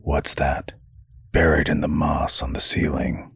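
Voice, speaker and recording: A man voicing a wary, irritable young man who talks low and hushed in an audiobook. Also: little pitch movement, measured pace, gravelly, breathy edge, dry recording, studio quality, heavily acted. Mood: cautious. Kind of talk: audiobook character voice.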